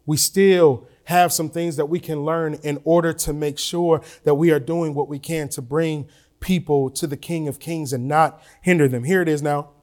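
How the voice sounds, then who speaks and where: A man preaching a sermon to his church, moving between relaxed asides and rising emotional emphasis. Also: a little high, normal speed. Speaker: pastor. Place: church sanctuary.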